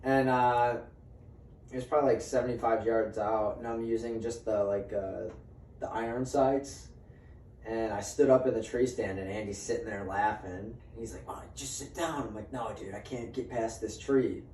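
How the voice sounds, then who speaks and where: A man's voice: lowish voice, fairly even intonation, normal speed, a little mellow, slight background noise. A man casually telling a story among friends, swearing freely and acting out what people said. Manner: swears freely and acts out quoted dialogue. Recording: roomy sound from a distant mic, faint ambience.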